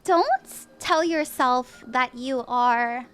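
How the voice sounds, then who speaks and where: A woman's voice: high-pitched, extremely slow, fairly bright tone, smooth, soft background music. A woman hosting a casual live-stream tarot reading, bubbly, giggly and encouraging as she gives advice. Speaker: tarot reader and livestream host.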